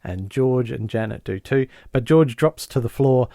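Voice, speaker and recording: A man, co-hosting a podcast and casually retelling a sitcom episode with lively impressions of the characters. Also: mid-range voice, normal speed, creaky, no echo, studio quality. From Australia. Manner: animated storyteller, mimics the characters' lines. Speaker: podcast co-host.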